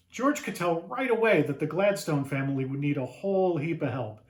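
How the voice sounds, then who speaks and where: A man reading his own picture book to children in an animated read-aloud, pausing to ask them questions. His voice sits a little high for a man. A roomy echo surrounds the recording.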